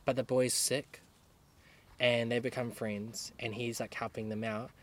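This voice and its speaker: A young man with a medium-pitched, unhurried voice and little pitch movement co-hosts a casual podcast outdoors in a garden. He retells a film plot in a rambling way, full of fillers.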